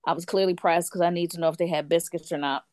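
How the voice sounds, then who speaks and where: Animated woman telling a story, dry sound. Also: lowish voice, quick pace, dry recording. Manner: animated, acts out quotes of others. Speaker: storyteller on a chat show. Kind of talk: casual storytelling chat. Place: lives in France.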